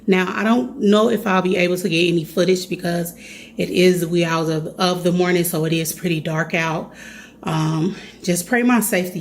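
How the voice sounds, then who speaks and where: A woman's voice: fairly low pitch, a little hiss or hum. A woman in her thirties with a Chicago accent, chatting earnestly to her viewers in a casual vlog. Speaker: vlogger.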